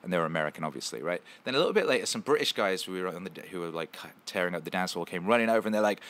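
A man hosting a casual livestream, reading out viewer comments and riffing playfully with lots of repetition and shout-outs. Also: low-pitched, expressive, rapid-fire, few pauses. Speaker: show host.

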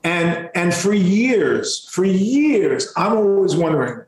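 A rock musician telling tour stories in a casual, animated and profane way. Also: male voice, sits high, takes it slowly, roomy sound, poor audio. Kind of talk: casual storytelling.

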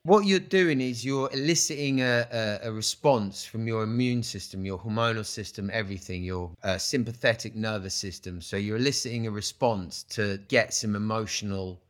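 A man's voice: lowish voice, normal speed, few pauses. Guy rambling on in a podcast chat, says mate and you know loads, restarts a lot. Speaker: retreat founder, guest. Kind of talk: casual conversational interview.

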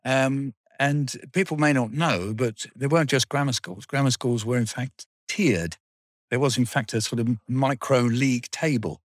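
An older man tells school stories in an interview. He rambles with dry humour, at a middling pitch. His voice is close and dry. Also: normal speed, no room sound. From England. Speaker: guest. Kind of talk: reminiscing interview.

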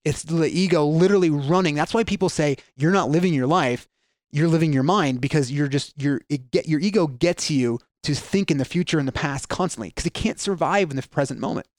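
A man with a fairly high voice explains ideas in a relaxed podcast chat, slipping into quoted voices and restarting sentences as he thinks. The sound is dry and close. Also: brisk, no echo. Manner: animated storyteller, acts out quoted voices, frequent restarts. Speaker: guest speaker on mindset.

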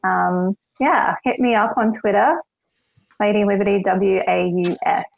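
A woman's voice: medium pitch, steady tone, unhurried, vocal fry, no echo, highs cut off. An Australian woman, a podcast guest, chatting casually and laughing easily.

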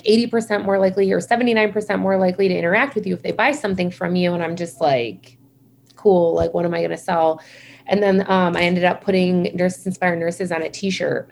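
A woman's voice: lowish voice, vocal fry, darkish tone, a little hiss or hum. Chatty woman telling stories on a call. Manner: chatty storyteller, many "like"s, acts out her own past reactions. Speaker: nurse and founder of a nurse community, guest. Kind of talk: casual interview conversation. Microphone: video call.

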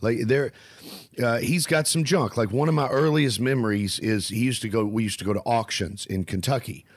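A man's voice: medium pitch, normal speed, breathy edge, no echo, clean studio sound. A man with a Southern US accent, hosting a casual chat and telling rambling stories. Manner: rambling, storytelling.

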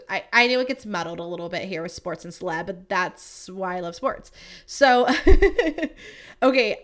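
A woman hosting a laid-back chat show, her speech full of fillers as she tumbles from one thought to the next. She sounds animated and opinionated, bouncing between excitement and exasperation. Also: mid-range voice. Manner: chatty, filler-heavy "like" talk. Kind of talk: casual chat.

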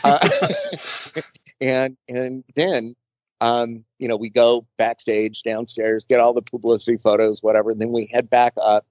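A makeup artist being interviewed, telling stories in a chatty, rambling way with lots of fillers and restarts. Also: male voice, mid-range voice, steady tone, a little slow, no echo. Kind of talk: casual storytelling interview. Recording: dull lo-fi dry sound.

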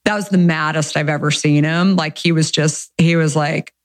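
A woman guest telling how she founded her company, talking in a lively, rambling way with many fillers and restarts. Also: low voice, moderate pace. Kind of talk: conversational interview storytelling.

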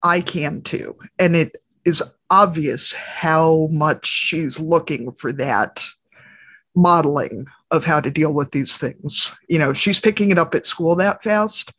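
A woman's voice: low voice, takes it slowly, a bit bright, no echo. A woman co-hosting a podcast, telling candid, chatty stories about family life. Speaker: podcast co-host. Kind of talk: casual podcast conversation.

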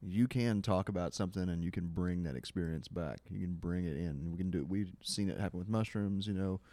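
A man's voice: deep voice, brisk, no room sound. A man in casual chat, joking and swearing, telling loose stories. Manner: animated, joking, swearing, gravelly.

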